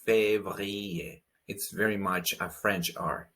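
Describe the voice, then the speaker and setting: A deep-voiced man leads a pronunciation lesson, speaking very slowly and patiently. He says each word twice and stops to explain how the sounds are made. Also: lively intonation, a bit bright. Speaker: language teacher.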